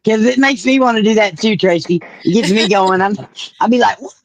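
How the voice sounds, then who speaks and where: A guest from New York, talking easily and joking on a livestream. Their voice sits at an average pitch, and asides trail on loosely. The sound is dry and close. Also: brisk, no echo, low-quality recording. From New York, USA. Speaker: guest on a stream. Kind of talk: casual chat on a livestream.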